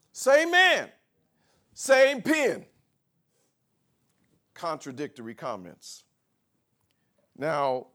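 A man preaching a sermon as pastor, drawing out emphatic words, pausing for effect, and swinging between soft asides and shouted emphasis. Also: mid-range voice. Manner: drawn-out emphatic words with pauses.

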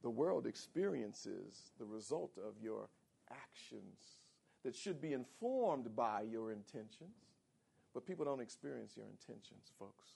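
A man preaching a sermon as pastor, animated and calling on the congregation for responses. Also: medium pitch, unhurried, vocal fry, breathy edge. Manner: animated, calls for audience responses.

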